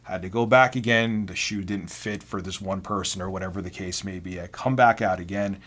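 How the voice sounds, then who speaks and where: A man's voice: low-pitched, fairly even intonation, brisk, fairly bright tone. Blunt, chatty man telling stories. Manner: blunt, self-deprecating, conversational. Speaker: vlogger. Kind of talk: casual storytelling.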